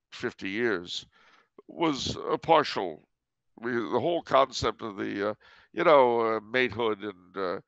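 Guy with a gravelly voice rambling wryly on a podcast, dull lo-fi sound. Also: fairly low pitch, fairly bright tone, no room sound. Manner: digressive, wry storyteller. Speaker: podcast host. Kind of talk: casual conversational chat.

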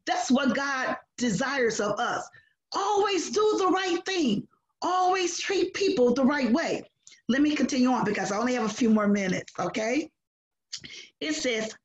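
A woman teaches a children's Bible lesson in a high voice, speaking slowly and deliberately. She gets animated, acting out lines with sudden loud bursts. The recording is roomy and a little dull. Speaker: Sunday school teacher.

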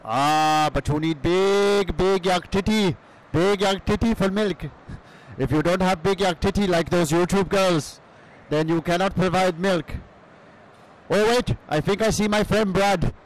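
Guy putting on a pompous broken-english character, high voice, choppy little phrases. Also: a little slow, low-quality recording. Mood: mock-formal. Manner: stilted broken English, short barked phrases. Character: pompous broken-English comic foreign businessman. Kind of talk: improvised comic bit on a live podcast. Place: convention hall at a live expo.

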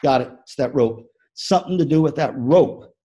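A man voicing an eager young female killer whale in a squeaky, bewildered, questioning voice. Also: moderate pace, noisy background, natural voice.

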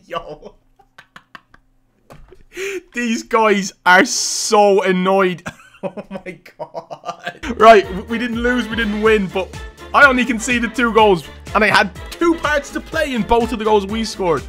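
Young guy yelling and laughing through a football game, pretty high voice, bit of music behind. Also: unhurried. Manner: loud, boastful, laughing, shouts at big moments. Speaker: gaming youtuber. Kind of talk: excited gameplay commentary.

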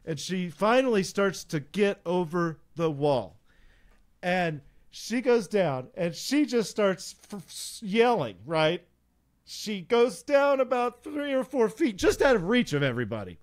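A man co-hosting a podcast, telling a casual, animated story with laughs. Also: sits high, unhurried. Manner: animated, laughing anecdote teller. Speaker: podcast co-host.

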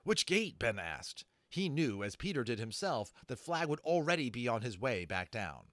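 A man narrating a fantasy novel aloud, expressive, adding brief asides to listeners. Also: mid-range voice, moderate pace, dry recording. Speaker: audiobook narrator. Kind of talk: dramatic storybook reading.

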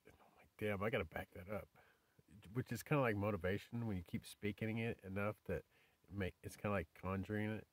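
A man's voice: lowish voice, no echo. A man rambling casually to his vlog camera outdoors in the desert, often drifting into a whisper. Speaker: vlogger.

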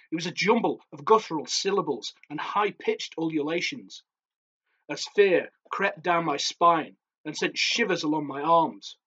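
A man, an author, reading his own horror story aloud in a measured, darkly theatrical way. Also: a little high, pushed and bright, slightly rough, muffled recording.

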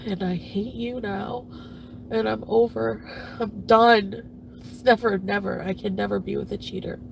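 A woman voicing a jilted, furious female streamer who is crude and self-pitying, for a puppet comedy. She swears constantly and swings between yelling and mumbling. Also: medium pitch, fairly even intonation, a little slow, vocal fry, slight background noise. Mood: bitter. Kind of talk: comedic impression of a livestream rant.

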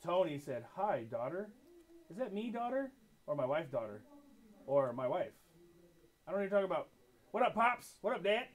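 A young man co-hosts a live card break with a high, bouncy voice that swings widely. He echoes his partner's calls and reads viewer comments aloud in playful banter. The talk is loose and joking. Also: big pitch swings, moderate pace, pauses often. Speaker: co-host reading chat.

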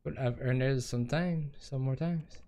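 A man's voice: mid-range voice, measured pace, dark tone. A man with a Quebec French accent, streaming a horror game and reading its text aloud with musing asides. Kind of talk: live game commentary.

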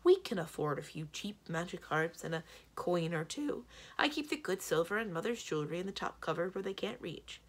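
A woman voicing a brisk, fussing, motherly female giant. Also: fairly low pitch, lively intonation, breathy edge.

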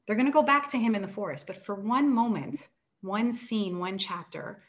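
An author, a woman, retelling an old tale with animated storytelling and acted-out quotes. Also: mid-range voice, normal speed. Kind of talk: book talk, retelling a story.

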